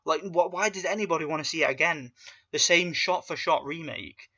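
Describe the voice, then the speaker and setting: A man rants through a movie review, blunt and profane, with plenty of open scorn. His voice is bright and forceful. The recording sounds dull and lo-fi. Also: a little high, brisk. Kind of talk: casual ranting film review.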